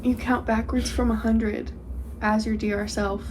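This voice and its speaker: A woman's voice: on the high side, little pitch movement, unhurried, a little mellow, a little hiss or hum. A woman in her twenties co-hosting a podcast, talking casually in a rambling, giggly way with lots of fillers. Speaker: podcast co-host. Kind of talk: casual chat.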